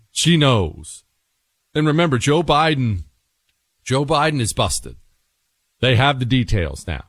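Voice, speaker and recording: Talk radio host, male, drawl, lively exasperated delivery, dry close mic. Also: medium pitch, slow pace, pauses often, no echo. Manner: animated, exasperated, joking. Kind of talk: political talk radio monologue.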